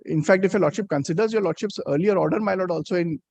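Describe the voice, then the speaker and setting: A man's voice: sits high, quick pace, creaky, darkish tone. A man pleading before a court as an advocate, insistently repeating his deferential address.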